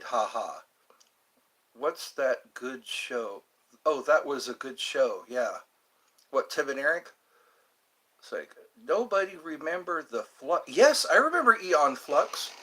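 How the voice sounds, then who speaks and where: A man's voice: a little high, a bit bright. A man hosting a casual livestream, meandering between topics and reading viewer comments aloud before answering them. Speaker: livestream host reading chat. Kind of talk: casual rambling chat.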